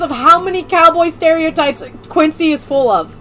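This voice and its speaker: A woman streaming a video game, chatting excitedly, joking and swearing as she plays. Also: extremely high pitch, moderate pace. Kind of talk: casual let's-play commentary.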